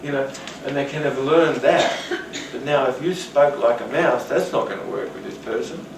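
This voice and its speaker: A man giving a rambling, animated talk on rapport, now and then acting out the voices of people he quotes. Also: medium pitch, normal speed. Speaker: teacher. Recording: roomy, distant, noisy.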